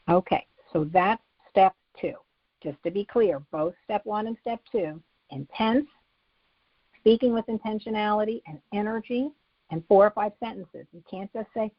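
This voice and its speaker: A woman's voice: medium pitch, normal speed, dry recording, lo-fi sound. A woman psychologist explaining a method to parents, laying it out methodically in numbered steps. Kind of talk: instructional talk.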